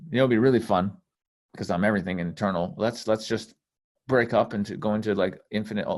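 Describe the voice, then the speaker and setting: A man talking casually on a call as a spiritual teacher, blunt and intense, swearing freely as he rambles. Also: low-pitched. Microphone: call microphone.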